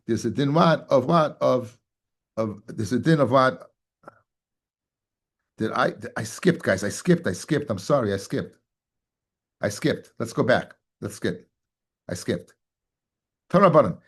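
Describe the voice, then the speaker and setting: Husky rabbi quizzing his class. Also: mid-range voice. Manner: quizzing listeners with rhetorical questions; mixes Hebrew and Yiddish terms into English. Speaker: rabbi teaching Talmud. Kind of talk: daily Talmud class.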